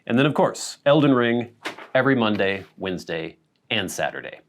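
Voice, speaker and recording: A man's voice: on the low side, lively intonation, moderate pace, a little hiss or hum. A man from the Pacific Northwest, hosting his own channel and chatting casually, musing aloud with small laughs and self-corrections. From Pacific Northwest, USA. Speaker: channel host. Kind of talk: casual vlog chat to camera.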